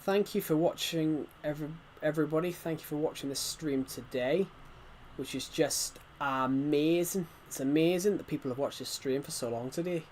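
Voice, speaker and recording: A man's voice: on the high side, moderate pace, a little mellow, a little hiss or hum. A man casually chatting to viewers while streaming a game, rambling and restarting sentences as he reacts to the chat. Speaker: game livestreamer.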